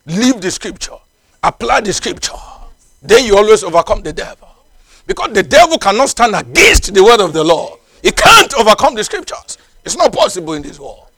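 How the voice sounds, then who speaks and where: A man's voice: high voice, fairly bright tone, no room sound. A man preaching a sermon in a non-native English, emphatic and repetitive, with frequent exclamations of praise. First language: not English.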